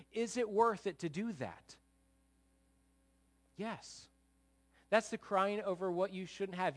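A man preaching a sermon in a conversational way, with animated, emphatic peaks and frequent asides to the listeners. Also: high-pitched. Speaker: pastor.

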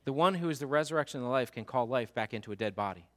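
A male pastor preaching a sermon in an animated, humorous way, putting direct questions to his listeners. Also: mid-range voice, racing.

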